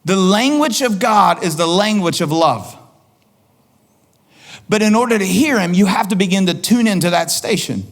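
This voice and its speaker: A male pastor preaching a sermon in an animated way, acting out quoted voices and repeating lines for emphasis. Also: high voice, moderate pace.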